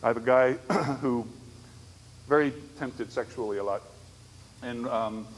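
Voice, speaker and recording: A man's voice: mid-range voice, unhurried. Man lecturing in an echoey hall. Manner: conversational, storytelling with frequent "right?" asides. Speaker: speaker on disability ministry. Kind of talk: church conference lecture. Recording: echoey hall, faint background noise.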